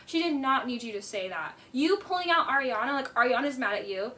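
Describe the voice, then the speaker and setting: High-voiced woman, exasperated commentator. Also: expressive, fairly quick, bright, forceful tone. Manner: emphatic and exasperated, quotes cast members in mimicking voices. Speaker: reality TV commentator. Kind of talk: casual reaction commentary.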